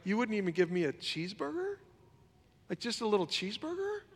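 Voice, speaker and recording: A man's voice: high-pitched, big pitch swings, fairly quick, long reverb tail, voice pushed up, full character voice. A man putting on the voice of a resentful, self-pitying older brother, whining and indignant. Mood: whiny. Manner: whiny, indignant pleading.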